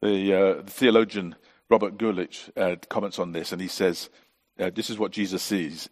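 Man, middle-aged, pastor giving a sermon, earnest, rhetorical questions, somewhat low pitch. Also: steady tone, normal speed, darkish tone.

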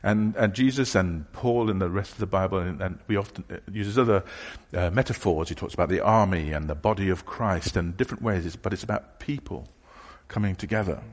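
A man preaches a sermon in a low, husky voice. He talks casually and haltingly, often restarting phrases and acting out imagined questions. His voice rings with the long reverb of a church hall.

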